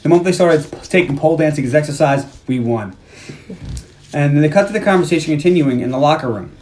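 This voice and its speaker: A man's voice: a little high, fast, darkish tone, slight background noise. A man hosting a podcast, casually retelling a film's plot and acting out the characters' lines, with some swearing. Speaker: podcast host. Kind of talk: casual movie recap chat.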